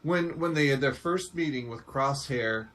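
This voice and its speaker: A man co-hosting a casual fan review chat, halting and searching for words. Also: mid-range voice, fairly bright tone. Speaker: podcast co-host.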